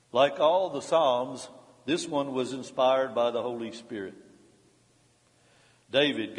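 A man preaching a sermon as pastor, reading a devotional commentary in a measured way, lifting his voice on scripture and dropping low when citing chapters. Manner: measured, rising emphasis on scripture, dropping on references. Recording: long reverb of a large hall.

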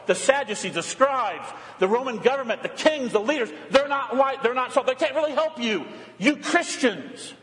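Brief: man, pastor mid-sermon, emphatic rises and hushed drops, high-pitched, long hall echo. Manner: emphatic preaching, rising and dropping to a murmur. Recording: long reverb of a church hall.

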